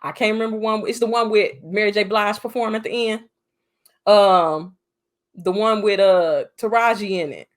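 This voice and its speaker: A woman co-hosting a casual movie podcast, telling animated stories with frequent laughs and lots of fillers. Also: medium pitch, normal speed. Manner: animated storyteller, laughs often, many "you know" fillers. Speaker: podcast co-host. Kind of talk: casual chat.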